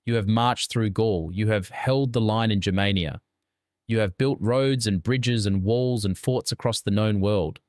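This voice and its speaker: Male narrator, deadpan scripted storytelling, fairly low voice, dry close sound. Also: unhurried, dry recording. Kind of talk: scripted second-person narration.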